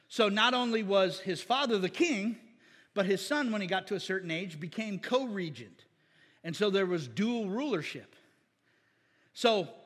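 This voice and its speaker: A man preaching a sermon to a congregation, teaching from slides with quick jokes and asides. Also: sits high, fairly bright tone, big-room sound. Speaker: pastor.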